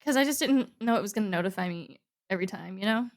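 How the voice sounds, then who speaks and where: A woman's voice: medium pitch, expressive, fast. A young adult woman co-hosting a podcast in casual chat, rambling and chatty with many fillers. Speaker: podcast co-host.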